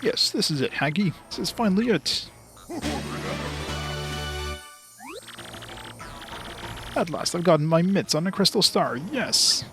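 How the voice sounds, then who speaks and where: A man's voice: high voice, big pitch swings, brisk, music in the background, voice pushed up. A man voicing a boastful, blustering villainous turtle king from a video game. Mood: gloating. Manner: blustering, gloating.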